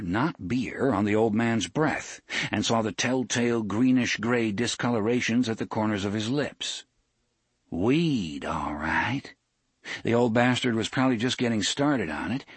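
A man narrating a story in an expressive storytelling manner. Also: lowish voice, husky, no room sound. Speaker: audiobook narrator. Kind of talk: scripted narration.

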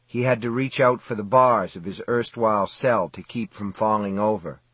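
Male audiobook narrator, husky voice, dry close sound, measured dramatic reading. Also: fairly low pitch, a bit bright, no room sound. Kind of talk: scripted narration.

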